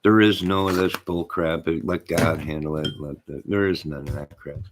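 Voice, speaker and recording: A man's voice: very deep voice, steady tone, normal speed, background noise. A man hosting a live stream, rambling in casual chat with his viewers, often repeating himself and addressing them by name.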